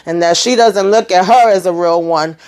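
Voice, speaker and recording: A woman's voice: fairly low pitch, normal speed, a little mellow, smooth. A woman recapping a TV episode in a casual, emphatic way, tagging her sentences with "you know" and "okay". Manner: chatty, emphatic, acts out characters' lines. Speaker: TV recap host.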